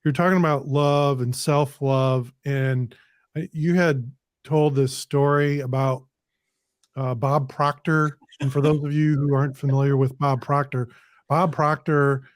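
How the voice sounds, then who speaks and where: A man's voice: medium pitch, level tone, unhurried, no echo, clean studio sound. A man hosting a podcast interview, asking questions in a casual, hesitant way. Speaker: podcast host.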